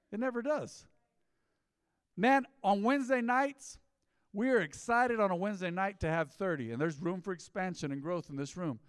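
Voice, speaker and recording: A middle-aged man preaches a sermon in a church sanctuary, his voice smooth and resonant and pitched a little high. He drives his points with emphatic, rising bursts and quick acted asides. The mic is close and dry, but a long hall reverb trails behind him. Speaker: pastor.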